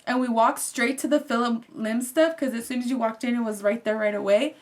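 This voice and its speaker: A woman's voice: a little high, a little fast. Chatty young woman telling a story. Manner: chatty and animated, fills speech with "like". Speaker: fashion vlogger. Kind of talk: casual storytelling vlog.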